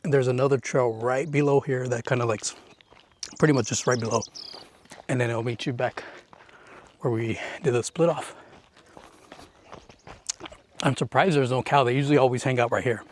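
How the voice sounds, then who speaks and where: A man's voice: mid-range voice, steady tone, moderate pace, long pauses. Brief young male hiking vlogger, outdoors on a trail, camera mic, rambling chatty delivery, faint noise behind. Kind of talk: casual vlog narration while hiking.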